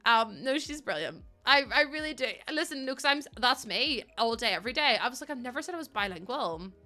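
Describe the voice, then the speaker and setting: A young woman streams live and chats to her viewers in a bubbly, giggly way. Her voice sits a little high and sounds bright and sharp, with faint game music underneath. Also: expressive, fairly quick. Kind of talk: casual live-stream chat while playing.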